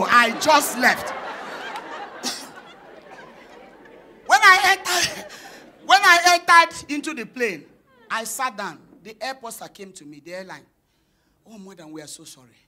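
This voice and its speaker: A woman pastor preaching a sermon, telling a personal story and acting out the dialogue, building up to shouted declarations. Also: a little high. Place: church conference hall.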